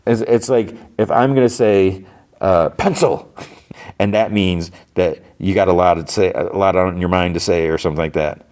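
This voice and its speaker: A middle-aged man hosting a podcast, retelling an episode in a rambling, animated way with lots of fillers and restarts. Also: deep voice, normal speed. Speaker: podcast host. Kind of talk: casual episode recap.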